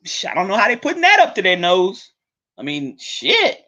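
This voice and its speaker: A woman hosting her own show, ranting bluntly and swearing freely, with sharp swings up and down in pitch. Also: wildly swooping pitch, moderate pace. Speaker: host. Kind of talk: profane ranting monologue. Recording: dull lo-fi recording.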